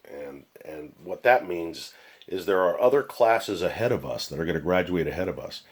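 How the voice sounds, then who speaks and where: A man's voice: low-pitched, breathy edge. An older man telling a war story from his police days in a blunt, profane, casual way. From United States. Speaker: retired police officer telling stories.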